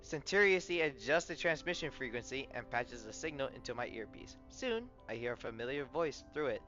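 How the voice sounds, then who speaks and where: A man playing through a story game, reading narration and dialogue aloud as he goes. He stumbles over words and corrects himself, with loud excited outbursts. The recording is slightly muffled, with soft game music underneath. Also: mid-range voice, brisk, hardly any pauses.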